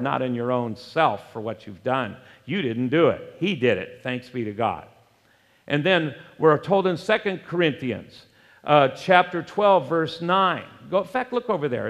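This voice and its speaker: A man preaching a sermon as pastor, emphatic, with wide swings between loud, raised phrases and low, quiet ones. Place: church sanctuary. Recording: long hall reverb.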